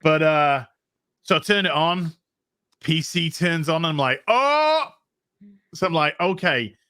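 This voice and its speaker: Man, bright tense voice, out of breath, rambling chat, dry close sound. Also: a little high, unhurried, smooth, no echo. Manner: rambling, animated storytelling with many restarts. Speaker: co-host. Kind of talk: casual livestream chat.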